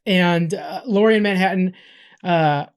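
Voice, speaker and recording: A man hosting a podcast, casually recapping a story with lots of fillers and restarts, gushing with excitement. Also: high voice, a little slow, clean tone. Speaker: podcast host recapping a comic. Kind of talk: casual chat.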